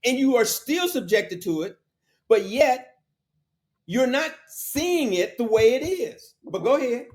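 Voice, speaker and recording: Man host, high animated voice, insistent and forceful, keeps cutting in to finish his point. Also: unhurried. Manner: forceful, insistent, repeats phrases to hold the floor. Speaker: podcast host. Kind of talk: heated debate.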